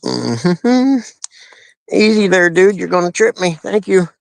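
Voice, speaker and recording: Live-streaming at sunrise from his backyard and doorway, this male vlogger talks to his dogs in a rambling, folksy manner full of country grammar. His high, creaky voice is very animated but slow, and the sound is dry with no echo.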